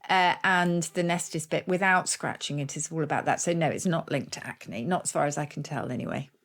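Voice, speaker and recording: A woman's voice: low-pitched, brisk. A middle-aged woman co-hosting a podcast, chatting about where words come from and spelling them out letter by letter. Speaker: podcast co-host, word expert. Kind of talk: casual chat about word origins.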